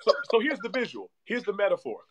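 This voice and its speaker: A man speaking as a guest relationship coach in animated podcast talk, energetic and repeating himself like a preacher. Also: sits high, quick pace, a crowd in the background.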